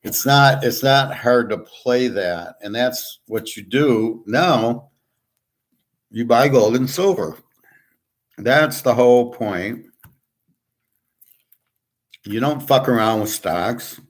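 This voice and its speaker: A man's voice: mid-range voice, animated, slow, long pauses. A man talks alone in a loose, rambling monologue, blunt and sarcastic, dropping curses and restarting his sentences. His voice sits in an ordinary middle range. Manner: opinionated, sarcastic. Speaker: host giving market and poker tips. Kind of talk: casual solo monologue.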